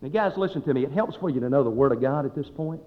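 A man's voice: mid-range voice, lively intonation, fast. A male pastor preaching a sermon in a folksy, emphatic way, swelling and dropping his voice. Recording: dull sound with long hall reverb.

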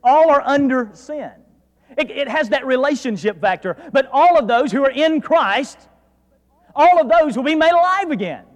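A man with a North Georgia accent preaching a sermon as pastor, dropping to quiet asides and then rising to loud, emphatic declarations. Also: very high-pitched, animated, normal speed. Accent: North Georgia Southern US. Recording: preached in a reverberant hall.

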